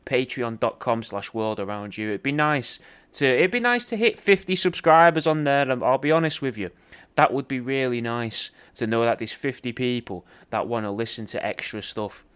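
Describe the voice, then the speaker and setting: A man's voice: medium pitch, lively intonation, normal speed, a bit bright, clear, resonant tone. A man hosting a podcast, delivering a rambling, sweary comedic roast and calling the listener "mate" constantly. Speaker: podcast host recording paid video messages.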